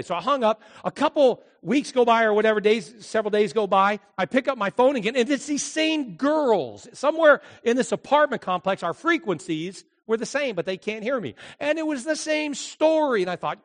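Male pastor, sermon, animated storytelling, high voice, big swoops in pitch. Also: fairly quick, long reverb tail.

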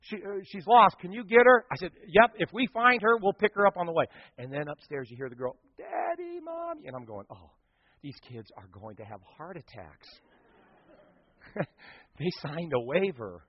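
A male pastor with a high voice preaches a sermon, moving between loud bursts and near-whispers as he tells his story. The sound is dull and a little muffled, and a long reverb trails behind him as in a big sanctuary. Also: normal speed, husky. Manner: animated storytelling with dramatic swings in volume.

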